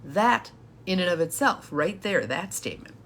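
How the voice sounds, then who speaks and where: A woman with a somewhat low voice talks through a live-streamed coaching session. She is chatty and laughs often as she speaks to her viewers. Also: big pitch swings, moderate pace, a bit bright, slight background noise. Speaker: empowerment coach.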